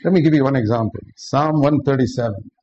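A man's voice: medium pitch, fast talker, a little mellow. A man preaching a sermon, earnest and direct, often putting questions to the listeners. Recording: dull lo-fi recording with faint background noise.

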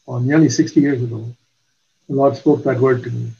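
An older man preaching a sermon, giving earnest testimony with slow, emphatic pauses. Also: mid-range voice, fairly even intonation, creaky, warm tone, muffled recording.

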